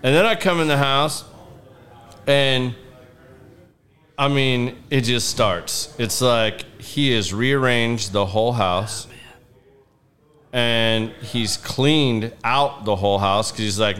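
A man's voice: medium pitch, a little slow, a bit bright. A man telling a long story in casual podcast chat, rambling with lots of fillers and acting out what people said. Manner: rambling, many fillers, acts out quotes. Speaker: podcast guest.

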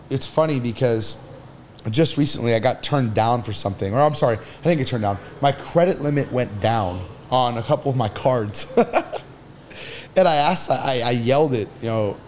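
A man's voice: mid-range voice, normal speed, a little mellow, a little hiss or hum. A man on a podcast as an entrepreneur guest, talking casually and bluntly, with some swearing, while he gives advice. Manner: blunt, profane, advice-giving.

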